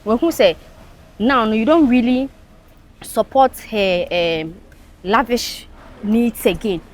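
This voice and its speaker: A woman's voice: fairly high pitch, slow. A woman with a Ghanaian English accent speaking frankly and emphatically as a panelist on a casual talk show. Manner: frank, emphatic, mixes in local phrases.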